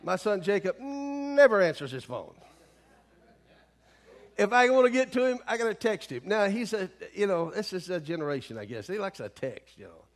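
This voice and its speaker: A man's voice: sits high, big pitch swings, moderate pace. A middle-aged male pastor preaching a sermon in a folksy way, with many asides and calls to the congregation.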